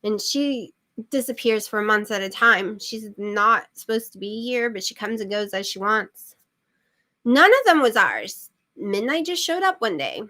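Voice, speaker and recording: Middle-aged woman host, loose rambling livestream chatter, bright and forward tone. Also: medium pitch, animated, unhurried. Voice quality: chatty, rambling with many fillers. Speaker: channel host. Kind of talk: casual livestream chat.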